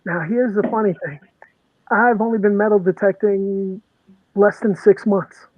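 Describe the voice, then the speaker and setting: A man's voice: high voice, fairly even intonation, unhurried, slight background noise. A man from Brooklyn with a New York accent, chatting casually as a guest on a video call. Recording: tinny phone-like call audio, dry.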